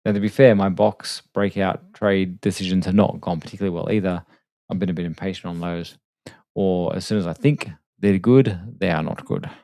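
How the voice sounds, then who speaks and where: A man hosting a live trading stream late at night, talking quietly and casually with self-deprecating asides. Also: low voice, fairly even intonation, moderate pace, no room sound. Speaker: trading livestream host. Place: home desk at night. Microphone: desk microphone.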